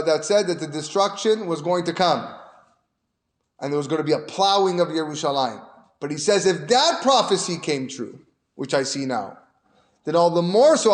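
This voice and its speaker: A male rabbi giving a Torah lesson, telling a story and building to animated emphasis. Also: on the high side.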